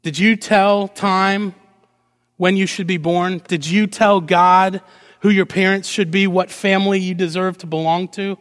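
A man delivers a sermon from the pulpit, his voice sitting high for a man. He preaches with lively energy, firing rhetorical questions at the congregation and playfully acting out short lines. The sound carries a long reverb from a large sanctuary. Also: measured pace. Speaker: pastor.

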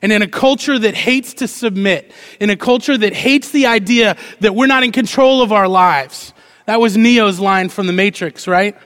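A man delivers a sermon from the pulpit, his voice sitting high for a man. He preaches with lively energy, firing rhetorical questions at the congregation and playfully acting out short lines. The sound carries a long reverb from a large sanctuary. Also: normal speed. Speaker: pastor.

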